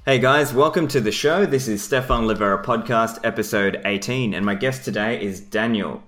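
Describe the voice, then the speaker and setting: A man hosting a podcast interview, asking relaxed, friendly questions with the occasional filler. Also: lowish voice, normal speed, soft background music. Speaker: podcast host. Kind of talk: casual interview.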